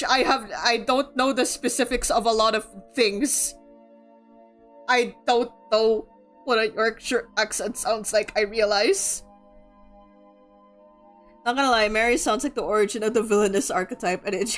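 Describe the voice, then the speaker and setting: Young woman from the philippines hosting a book club stream, kinda high voice, giggly and rambly, faint music behind. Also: moderate pace, a bit bright. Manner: rambling, giggly, lots of filler words. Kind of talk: casual livestream chat.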